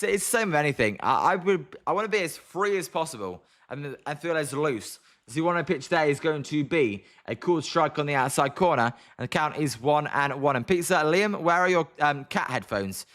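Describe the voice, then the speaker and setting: A British man commentating a baseball game on a live stream, calling pitches and chatting with viewers by name. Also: fairly bright tone. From Britain. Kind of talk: casual live play-by-play and chat reading.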